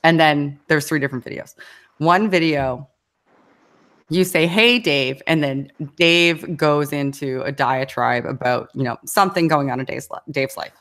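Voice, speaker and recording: A woman's voice: low-pitched, moderate pace, fairly bright tone. A woman as an interview guest, talking casually in a rambling way with fillers, restarts and frequent laughs. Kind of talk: casual conversation.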